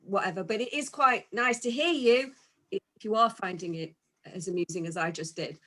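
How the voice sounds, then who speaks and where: A woman's voice: mid-range voice, moderate pace, sharp tone. A woman hosting an online comedy night over a video call, giggling often and giving jokey introductions. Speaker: compere of an online comedy gig. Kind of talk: comedy compering.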